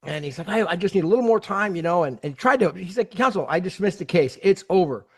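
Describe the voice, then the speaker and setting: Man, host, casual storytelling, slightly high pitch, acts out quotes, frequent restarts. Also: fast, slightly rough. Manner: animated, acts out quoted voices, many restarts. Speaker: host retelling a court case.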